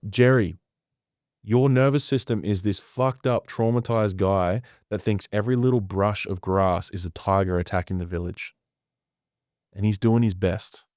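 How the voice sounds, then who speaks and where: Intense male coach with a lowish voice, emphatic and profane, telling stories on a podcast. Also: a little mellow, dry recording, clean studio sound. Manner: intense, emphatic, heavy swearing. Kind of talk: conversational podcast storytelling.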